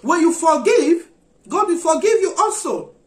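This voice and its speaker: A woman's voice: very high voice, big pitch swings, unhurried, darkish tone. A woman preaching a sermon, urging her listeners with earnest, repeated exhortations. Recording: echoey room.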